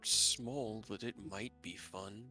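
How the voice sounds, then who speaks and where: A man voicing an ancient, worldly shadow elf in a tabletop game, speaking flat and emotionless. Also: on the low side, takes it slowly, faint music behind, full character voice. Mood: deadpan. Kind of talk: role-playing in a tabletop game.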